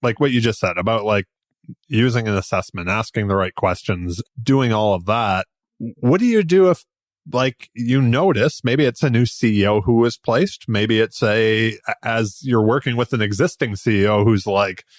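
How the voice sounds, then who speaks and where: A man's voice: lowish voice, moderate pace, dry recording, studio quality. A man hosting a podcast, asking loose, rambling questions full of fillers. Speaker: podcast host. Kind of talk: conversational interview.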